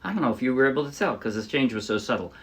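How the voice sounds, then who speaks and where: A man's voice: medium pitch, animated, very fast. A man casually teaching ukulele, chatty and demonstrative, often correcting himself mid-sentence. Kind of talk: casual tutorial talk. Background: ukulele playing.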